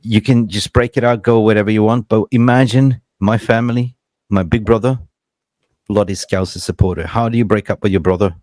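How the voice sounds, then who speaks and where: A man with a lowish, steady voice hosts a casual football fan chat, talking briskly in a slightly mellow tone with no echo. He's a chatty storyteller who laughs often and keeps repeating words.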